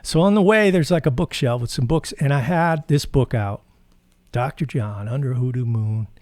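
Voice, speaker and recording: A man's voice: medium pitch, moderate pace, darkish tone, dry recording. A man hosting a guitar channel, casually telling rambling anecdotes full of fillers. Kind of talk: casual storytelling.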